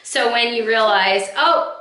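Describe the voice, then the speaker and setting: A woman in her thirties talks candidly to camera at home for a get-ready-with-me vlog, her mid-range voice sharp in tone and measured in pace. She rambles in a heartfelt way with lots of fillers, picked up by a camera mic in a room with noticeable echo.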